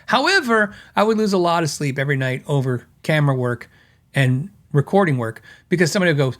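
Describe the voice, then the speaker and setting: A man's voice: a little high, quick pace. A middle-aged man hosting a podcast, telling stories in a casual way and mimicking critics with a raised voice. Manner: animated storytelling, mocking quoted critics in a raised voice. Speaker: host.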